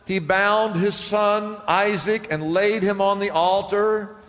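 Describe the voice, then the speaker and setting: A man preaching a sermon as pastor, animated, acting out the scripture scenes he retells. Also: high-pitched, slow pace. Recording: long hall reverb.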